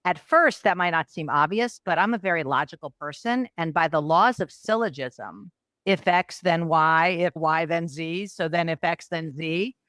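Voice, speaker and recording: Animated middle-aged woman telling a story. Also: no echo, clean studio sound. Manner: animated, acts out quotes with raised pitch. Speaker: guest, transformational coach. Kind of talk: storytelling in a podcast interview.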